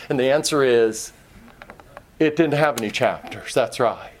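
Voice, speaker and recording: A man's voice: medium pitch, unhurried, pauses often. A man with a Kentucky accent preaching a sermon in a conversational way, teasing himself and acting out little scenes for the congregation.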